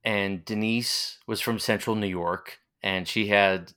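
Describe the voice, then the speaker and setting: A man with a Long Island accent and a lowish voice rambles through nostalgic stories in a relaxed interview. He sounds like he is in his forties. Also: takes it slowly, smooth. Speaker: interviewee, former college radio announcer. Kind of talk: casual reminiscing interview.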